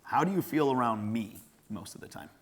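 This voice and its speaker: Fairly quick and lively in intonation, a thirtysomething podcast host interviews his daughter casually, chatting easily and using loose fillers. His voice is mid-range, and a little hiss or hum can be heard.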